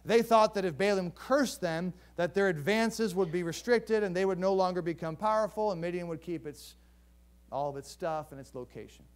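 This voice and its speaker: High-voiced pastor telling a story. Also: male voice, normal speed, smooth. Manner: conversational storytelling with modern jokes. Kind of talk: sermon. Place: church.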